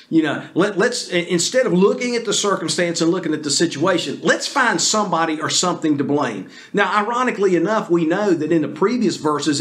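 A man preaching a sermon in an earnest, plain-spoken way. His voice sits a little high for a man, and he often repeats and restarts words as he works through his point. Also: a bit bright. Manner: earnest, repetitive restarts, addresses listeners as folks. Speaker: pastor.

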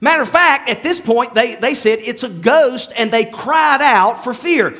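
A man's voice: extremely high pitch, animated, moderate pace, pushed and bright. A man preaching a sermon in a conversational way, with many asides and restarts, often asking the listeners rhetorical questions. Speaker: pastor.

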